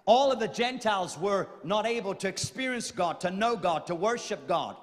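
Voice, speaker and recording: A man preaching a sermon emphatically, repeating phrases and swinging from quiet to loud. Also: high voice, lively intonation, moderate pace. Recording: long hall reverb.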